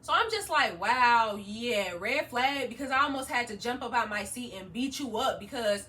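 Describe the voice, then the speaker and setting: A young woman vlogger telling a story in an animated, slangy way, laughing often. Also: fairly high pitch, fairly quick, far from the mic. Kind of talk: storytime vlog.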